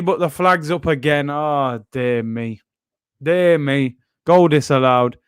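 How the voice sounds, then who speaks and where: Guy hosting a footy watchalong, slangy chat, smooth clear voice. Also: medium pitch, unhurried, no room sound, studio quality. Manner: casual, slangy, reads chat aloud. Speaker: football watchalong host. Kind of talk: live match watchalong chat.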